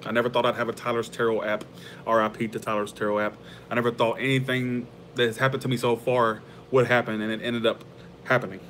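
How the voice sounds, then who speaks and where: Man, tarot livestream host, loose rambling chat, medium pitch, quick to laugh, faint hum behind. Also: little pitch movement, a bit bright. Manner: rambling, heartfelt, laughs easily. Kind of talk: casual livestream chat with viewers.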